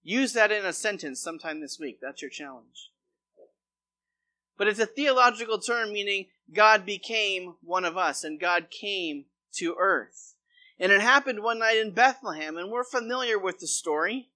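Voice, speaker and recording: A man's voice: high voice, lively intonation, normal speed, bright, forceful tone. A man preaching a sermon as pastor, reading a long scripture passage aloud before explaining it.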